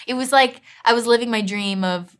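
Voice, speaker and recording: Giggly young American actress. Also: female voice, a little high, fairly quick. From Miami, Florida. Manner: giggly, chatty, lots of "like". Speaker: actress guest. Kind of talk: casual interview chat.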